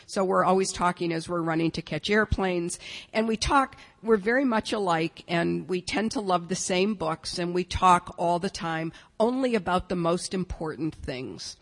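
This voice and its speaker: An older woman telling a humorous, self-mocking personal story to an audience, with wry asides. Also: fairly low pitch. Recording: long reverberant hall.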